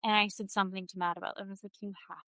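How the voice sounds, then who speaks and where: A woman's voice: mid-range voice, flat delivery, rapid-fire, a bit bright, no room sound, low-quality recording. A woman podcast co-host, casually telling a personal story and acting out quoted dialogue. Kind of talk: casual chat.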